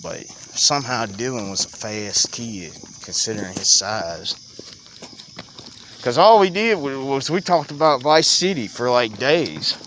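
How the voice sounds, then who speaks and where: A young man chatting casually spins a loose, lively story, a little slowly, going from loud outbursts to low mutters and laughing easily. He's outdoors with faint crickets behind him and slight background noise.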